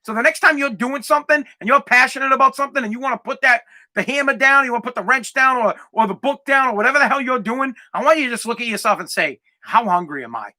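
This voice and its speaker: Man, 40s, solo podcast host; high, piercing voice, emphatic and foul-mouthed. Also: fast, sharp tone. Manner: emphatic, profane and fired-up.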